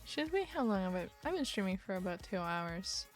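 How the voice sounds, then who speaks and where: Speaking a little fast at a medium pitch, a young woman livestreamer tells lively stories in a casual chat, laughing often and swearing now and then, while soft music plays in the background.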